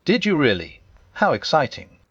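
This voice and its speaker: Man playing an eager storybook boy, higher and lively, muffled recording. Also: normal speed, slightly rough, no room sound, exaggerated voice. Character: young boy, kind and eager.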